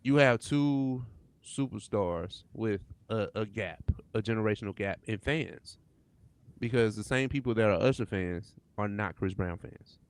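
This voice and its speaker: A man's voice: on the low side, measured pace, clean tone. A man hosting a podcast in casual chat, laid-back and laughing often. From St. Louis area. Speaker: podcast host.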